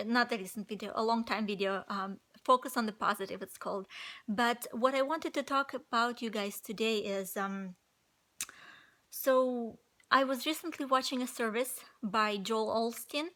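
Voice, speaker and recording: A woman's voice: fairly high pitch, fairly bright tone. A woman with a slightly nasal voice and a non-native English accent, giving casual motivational talk to camera with many fillers and restarts. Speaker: vlogger.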